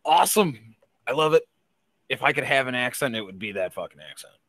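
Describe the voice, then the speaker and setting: Man, casual podcast co-host, lively pitch, dry close sound, loose swearing storyteller. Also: a little fast, no echo. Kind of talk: casual chat.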